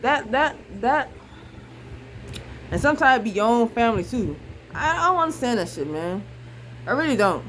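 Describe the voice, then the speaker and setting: A woman's voice: mid-range voice, a little hiss or hum, low-quality recording. A young woman venting on a vlog, frustrated and blunt, repeating herself and swearing freely. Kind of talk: emotional casual monologue.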